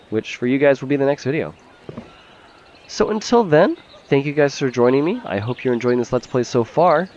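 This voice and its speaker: A man's voice: medium pitch, darkish tone, lo-fi sound, a little hiss or hum. A man giving casual, chatty gameplay commentary as a let's play host, swearing freely and laughing easily.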